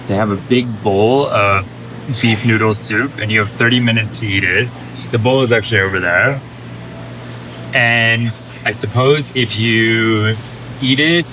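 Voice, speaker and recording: A man telling stories on a travel vlog, chatty and animated, laughing as he talks, while out on a city trip. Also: lowish voice, background noise. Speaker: travel vlogger. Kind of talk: casual travel vlog chat. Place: outdoors and in a restaurant on a city trip.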